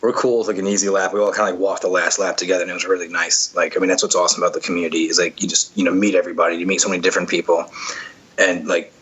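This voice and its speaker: A man's voice: low-pitched, little pitch movement, very fast, fairly bright tone, husky, muffled recording. A man telling stories from an obstacle race in a casual, rambling way, full of fillers and restarts. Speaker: podcast guest, obstacle racer. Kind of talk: casual storytelling chat.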